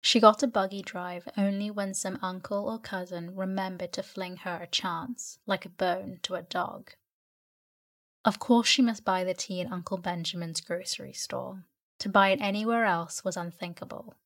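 A woman narrating a classic novel as a bedtime sleep story, in an even storytelling manner. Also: medium pitch, moderate pace. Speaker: audiobook narrator.

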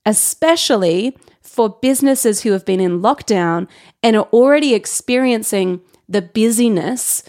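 A woman's voice: mid-range voice, darkish tone. Chatty woman hosting a business podcast. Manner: chatty and candid, with quick asides and self-corrections. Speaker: podcast host. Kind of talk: casual solo podcast talk.

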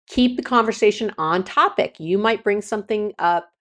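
A woman's voice: mid-range voice, normal speed. A middle-aged woman hosting a podcast, giving frank, casual relationship advice with many restarts and repeated words. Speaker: podcast host and counselor.

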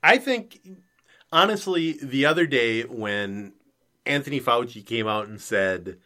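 A man co-hosting a podcast in casual chat, giggly and quick to laugh. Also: medium pitch, expressive, bright, forceful tone. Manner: giggly, amused, easily laughing. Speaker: podcast co-host.

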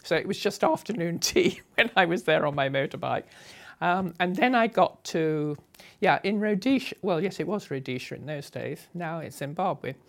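A woman's voice: fairly low pitch, animated, normal speed, gravelly. An older woman from Sussex, chatting through memories of her travels with frequent laughs. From England (Sussex). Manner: chatty, anecdotal, laughs often between phrases. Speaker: traveller recounting her journey. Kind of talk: conversational travel memoir.

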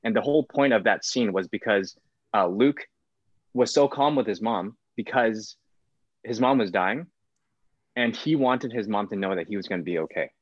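A man's voice: fairly low pitch, normal speed, no room sound. A man, an actor, talking casually in an interview, rambling with many fillers. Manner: rambling, full of fillers like "like" and "whatnot". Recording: dull, lo-fi sound.

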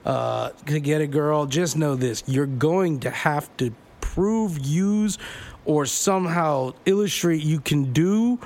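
Joking, profane man with higher voice. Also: slow pace, a little mellow. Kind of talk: casual chat, crude anecdotes.

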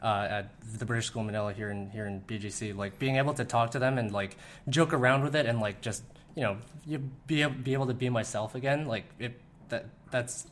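A young man talking candidly as an interview guest, relaxed, with many fillers. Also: medium pitch, brisk, slight background noise. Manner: laid-back, lots of fillers, frequent "like". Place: room in the Philippines.

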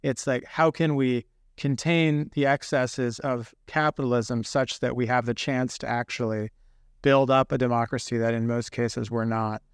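A man with a gravelly, creaky voice answers interview questions in a measured, earnest way. The sound is dry and close, with no room around him. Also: mid-range voice, steady tone, dry recording. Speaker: guest author. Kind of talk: political interview.

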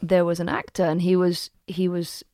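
A woman's voice: on the low side, little pitch movement, normal speed, dark tone, no echo. A woman co-hosting a podcast, an acting teacher who makes dry, sarcastic jokes. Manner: dry, joking sarcastic asides. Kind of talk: casual podcast chat.

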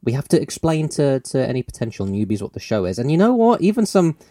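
A man's voice: medium pitch, big pitch swings, quick pace, dark tone, dry recording, clean studio sound. A man co-hosting a casual podcast, chatty and rambling, laughing often as he talks. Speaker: podcast co-host. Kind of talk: casual chat.

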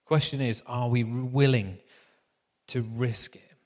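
A man's voice: medium pitch, fairly even intonation, slow, darkish tone, long reverb tail. A man preaching a sermon in a chatty, anecdotal storytelling manner.

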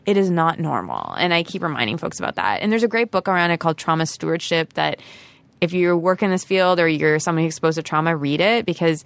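Woman guest chatting, low-ish gravelly voice, earnest and excited. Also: quick pace, no room sound. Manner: earnest, rambling, enthusiastic. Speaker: podcast guest. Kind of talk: casual chat.

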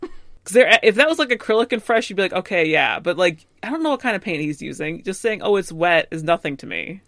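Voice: mid-range voice, big pitch swings, quick pace, pushed and bright, no room sound. Co-host, casual recap chat, chatty, quotes characters, dry close sound. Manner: chatty, narrates plot with quoted lines. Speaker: podcast co-host.

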